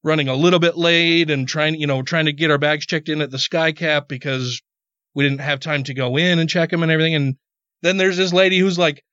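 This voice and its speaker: A man's voice: fairly high pitch, steady tone, brisk, fairly bright tone, clear, resonant tone, no echo. A man hosting a podcast, telling a rambling story in casual chat, cursing freely and repeating words when worked up. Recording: dull, dry podcast audio.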